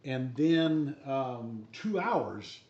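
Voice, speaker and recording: A man in casual chat on a homebrew livestream, explaining things in a relaxed, rambling way with many fillers. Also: mid-range voice, drawn-out words. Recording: dull, echoey room audio.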